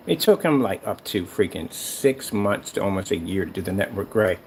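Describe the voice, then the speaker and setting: Man ranting on camera, mocking and sarcastic, lively pitch, light hiss behind. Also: fairly quick, few pauses. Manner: taunting, sarcastic, rambling. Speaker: screen paint maker. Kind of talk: mocking online rant.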